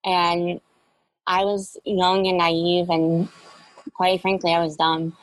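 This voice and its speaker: A young woman, a guest in a personal storytelling interview, speaks candidly and reflectively with frequent fillers. Her voice is on the low side, level in tone, and measured in pace. It's a dry close-mic recording with no room sound but poor audio quality.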